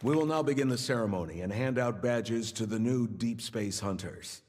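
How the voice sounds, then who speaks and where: A man's voice: mid-range voice, a little mellow, dry recording, clean studio sound, natural voice. A man voicing a formal, stern male commander who hands out badges in a game. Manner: formal, measured. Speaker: ceremony official in a game.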